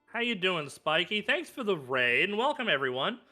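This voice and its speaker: A man's voice: sits high, big pitch swings, moderate pace, pushed and bright, faint music behind. A man co-hosting a game stream, greeting viewers by name in a friendly way. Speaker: co-host. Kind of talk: casual stream chat.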